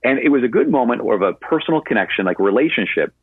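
Here a Catholic priest responds to a radio caller, talking fast in an expressive, medium-pitched voice that's slightly rough. His storytelling is chatty and full of filler words, and the dry recording carries narrowband radio sound.

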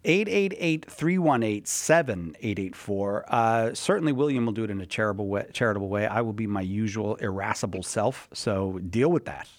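A man hosting a call-in radio show, brisk and teasing, repeating the phone number between calls. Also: lowish voice, expressive, dry recording. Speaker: radio host.

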